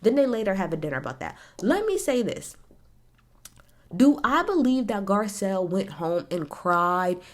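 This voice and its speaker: Woman host, blunt and animated, swearing recap talk, mid pitch. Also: moderate pace. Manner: blunt, animated, swears freely, talks straight at the people she discusses. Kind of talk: casual opinionated recap.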